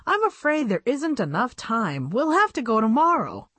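A woman voicing a gentle older male doll uncle in a calm, lowered voice. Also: normal speed, no room sound, full character voice.

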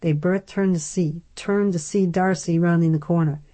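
Low-voiced woman narrating an audiobook. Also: fairly even intonation, normal speed, warm tone.

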